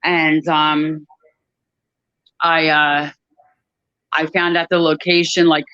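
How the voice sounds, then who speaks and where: A woman giving a personal testimony about her work at an airline crew desk, talking in a halting way with many pauses and restarts. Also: sits low, level tone, bright, forceful tone, clean tone, dry recording, dull audio.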